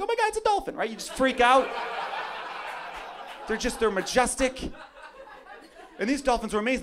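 A brash young male comedian with a slightly high voice works a live club crowd. He swings from low, muttered asides into loud, shouted rants. The room's laughter keeps rolling underneath him. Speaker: stand-up comedian. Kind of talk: stand-up comedy set. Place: comedy club stage before a live audience. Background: audience laughter.

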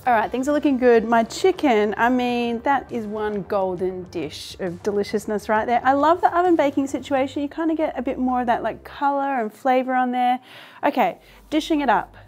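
A woman's voice: fairly high pitch, expressive, moderate pace, darkish tone. Chatty, upbeat woman hosting a cooking show. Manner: chatty and enthusiastic, laughs often. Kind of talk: casual cooking demonstration. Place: home kitchen.

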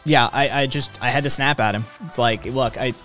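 A man's voice: medium pitch, fairly even intonation, brisk, a bit bright, faint music behind. A man streaming live from home, chatting with viewers in a profane, ranting way. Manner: profane, ranting, talks to chat. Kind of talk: casual live-stream chat.

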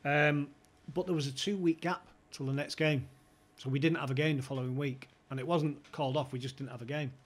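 Husky man telling club stories. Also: fairly high pitch, fairly even intonation, a little fast, few pauses. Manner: anecdotal, swears, laughs while telling stories. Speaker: podcast guest, former club insider. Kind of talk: casual storytelling chat.

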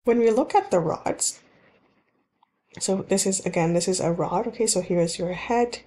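A woman's voice: mid-range voice, moderate pace, warm tone. A woman teaching dental hygiene in a recorded slide lecture, explaining in plain terms and repeating key points, with frequent ums and restarts.

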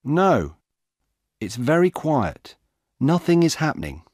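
A man voicing a steady young policewoman. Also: fairly high pitch, slow pace, husky, no echo, studio quality, voice pushed up, exaggerated voice. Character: female undercover police officer, young, calm.

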